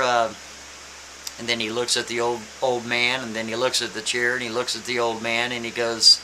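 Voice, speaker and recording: A man telling a story in a casual, animated, emphatic way, repeating his points. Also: medium pitch, moderate pace, rough recording. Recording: faint hiss.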